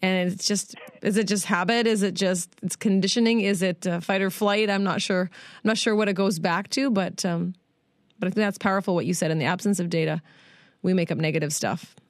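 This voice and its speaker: A woman hosts a live radio talk show with a chatty, teasing warmth and easy laughter. Her voice sits in a middle register and is recorded close and dry, with no room around it. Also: medium pitch, fairly even intonation, brisk, no room sound. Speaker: radio show host and life coach. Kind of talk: live radio interview chat.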